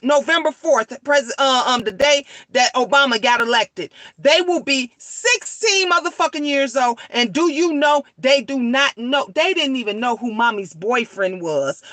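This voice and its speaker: A woman in her thirties telling a family story as a profane, animated rant, repeating lines for emphasis. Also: a little high, dry recording.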